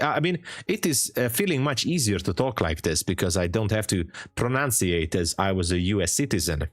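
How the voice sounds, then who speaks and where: Hungarian-accented man, low voice. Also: sing-song, a little fast, hardly any pauses, dry recording, clean studio sound, soft background music. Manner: joking, chatty, laughs often. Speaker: livestream trader. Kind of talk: casual live-stream chat.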